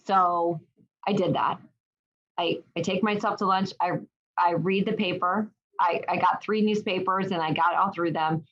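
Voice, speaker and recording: Middle aged woman telling a story on a podcast, kinda low voice, lively, muffled audio. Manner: lively, animated storytelling with frequent restarts. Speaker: guest. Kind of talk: casual storytelling in an interview. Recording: dull lo-fi sound.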